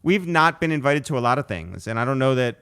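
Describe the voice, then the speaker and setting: A man's voice: medium pitch, big pitch swings, fast, a bit bright, clean tone. A young man co-hosting a podcast, chatting casually and laughing often with a mock-sincere tone. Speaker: podcast co-host. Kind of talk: casual banter.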